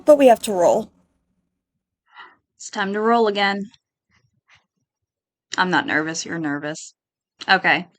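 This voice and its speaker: A woman giving casual, excitable commentary over a life-sim game, gushing and giggly. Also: lowish voice, no echo, poor audio. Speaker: gaming creator.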